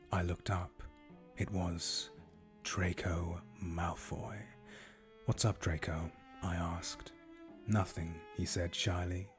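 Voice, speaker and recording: A man reading a fan story aloud in a deadpan voice, with groaning asides between chapters. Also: low voice. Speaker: streamer reading a fanfic aloud. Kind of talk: mocking dramatic reading.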